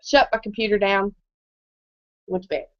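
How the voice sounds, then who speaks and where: A woman's voice: medium pitch, fairly even intonation, moderate pace, dry recording. A woman in her thirties giving a live presentation, telling her story in a chatty way and often checking in with the audience. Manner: conversational, keeps checking in with the audience. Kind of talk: live motivational testimony. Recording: dull, muffled, dry recording.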